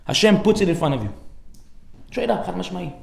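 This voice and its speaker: Fast, animated rabbi in an echoey room. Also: male voice, high-pitched, creaky. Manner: animated storyteller, acts out characters with sudden loud outbursts; sprinkles Hebrew and Aramaic terms into casual English. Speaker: rabbi giving a Torah class. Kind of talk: lively informal Torah lecture.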